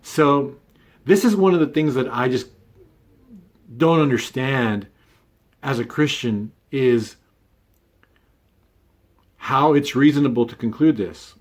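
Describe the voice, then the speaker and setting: A man's voice: medium pitch, slow pace, long pauses. A man hosting his own video, talking through an argument in a casual unscripted monologue full of fillers and asides. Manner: conversational, many fillers and "right?" tags. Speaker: video essay host.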